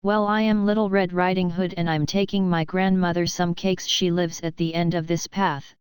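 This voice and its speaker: A woman's voice: fairly low pitch, flat delivery, moderate pace, clear, resonant tone, dry recording, lightly acted. A woman reading the lines of a trusting little girl in a children's storybook. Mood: innocent.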